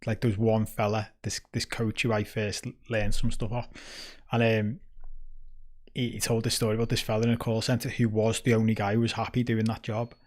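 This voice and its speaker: A man co-hosting a casual podcast, relaxed and sweary, explaining a point through stories. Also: on the low side, brisk. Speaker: podcast co-host. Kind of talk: casual chat.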